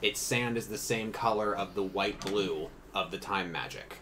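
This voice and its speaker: A man who runs a tabletop game as game master and narrates in a deliberate, descriptive way. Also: on the low side, background noise.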